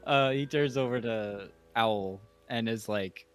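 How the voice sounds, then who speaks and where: A man's voice: medium pitch, slow pace, smooth, soft background music. A man playing a tabletop game, joking around casually. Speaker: player.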